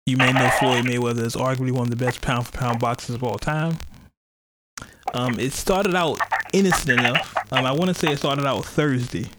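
A man's voice: mid-range voice, steady tone, a little fast, noisy background. A man hosting a podcast in casual chat, rambling and cursing, often laughing as he retells things. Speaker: podcast host.

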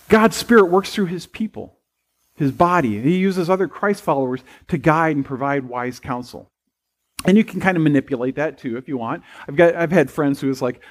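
High-voiced man preaching casually. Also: a little fast. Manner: conversational preaching with anecdotes and humor. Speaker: pastor. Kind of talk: sermon. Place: church sanctuary.

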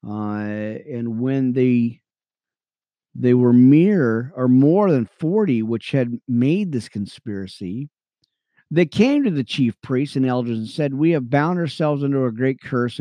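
A man teaching the Bible on radio, reading verses aloud between excited, chatty asides to his listeners. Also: medium pitch, unhurried, no echo, dull audio. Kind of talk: reading scripture with commentary.

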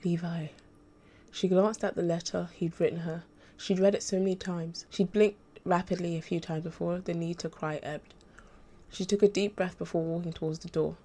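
A woman narrating an audiobook extract in a steady, measured reading style. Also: lowish voice.

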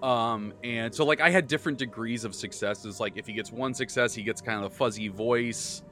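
A man hosting a casual podcast chat, excitably rambling as he recaps the tabletop campaign he runs as game master. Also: mid-range voice, moderate pace, soft background music.

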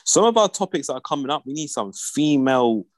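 A man's voice: a little high, sing-song, fairly quick, no room sound. A young man, co-hosting a podcast in laid-back, slang-heavy banter and laughing often. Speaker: podcast co-host. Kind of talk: casual chat.

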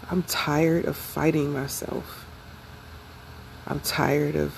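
A young adult woman speaking slowly and reflectively in an emotional, confessional personal vlog. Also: low voice, flat delivery, gravelly, a little mellow, slight background noise, low-quality recording. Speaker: vlogger.

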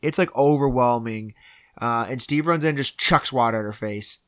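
A man's voice: mid-range voice, moderate pace, fairly bright tone, no echo. A man talks through a film with a co-host, retelling each scene and slipping into the characters' lines as he goes. His voice sits in a middle register. The sound is dry and close to the mic. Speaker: podcast co-host. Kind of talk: casual film recap chat.

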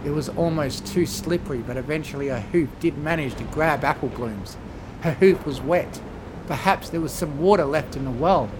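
Male reader for a dark fan fiction, a touch high, dramatic measured narration. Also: noisy background. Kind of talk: horror story narration.

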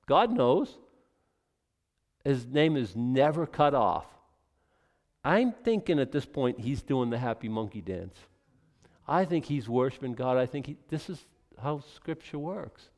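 A pastor with a medium-pitched voice preaches in an animated, excitable way, frequently stopping and restarting his sentences. The recording has a big-room sound.

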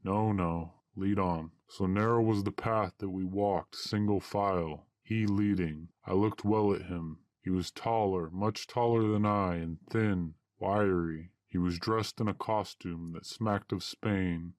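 A man narrating a first-person adventure story aloud in old-fashioned, archaic wording, at a steady storytelling pace. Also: low-pitched, measured pace, few pauses, no room sound, clean studio sound.

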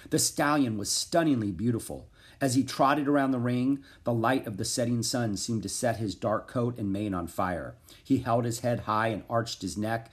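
A man reading a children's chapter book aloud, animated and expressive. His pitch rides up and down with the action, sitting in a middle register. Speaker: narrator.

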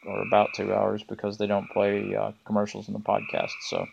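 A man with a Southern US accent hosting a podcast, speaking in a relaxed, laid-back way with many ums and restarts. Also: on the low side, a little fast, gravelly, highs cut off, a little hiss or hum. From American South. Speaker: podcast host. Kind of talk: casual solo podcast monologue. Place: front porch of an off-grid cabin.

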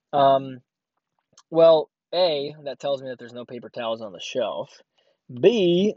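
A man's voice: mid-range voice, a little mellow, no echo. A man who works at a grocery store, rambling through a sarcastic casual rant with lots of fillers. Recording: dull lo-fi dry audio.

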